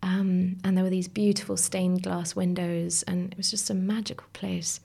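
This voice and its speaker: A woman's voice: lowish voice, little pitch movement, moderate pace, creaky, mellow, breathy edge. A woman guest in a reflective conversation, musing and searching for words, sometimes dropping to a whisper. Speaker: podcast guest.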